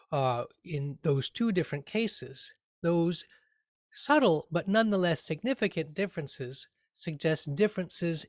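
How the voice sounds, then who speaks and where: A man teaching a grammar lesson, speaking carefully and deliberately, sounding out words to show their rhythm. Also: fairly high pitch, no room sound, clean studio sound. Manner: slow, careful, deliberate delivery with spoken rhythm examples.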